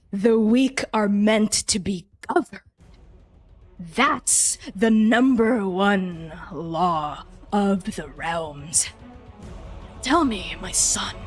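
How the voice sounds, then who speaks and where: A tyrannical god of gods, a menacing father who lingers over every word, as a woman puts him on. His voice sinks low and soft as he condescends. It is delivered over faint music. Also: slightly rough, heavily acted. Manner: slow, cold, menacing delivery.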